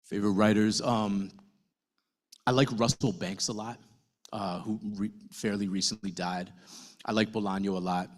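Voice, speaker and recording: A man, a novelist, talking casually to an audience at a book event, telling his story with lively asides and the odd swear word. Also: fairly low pitch, normal speed. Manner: conversational, animated storytelling with fillers and swearing.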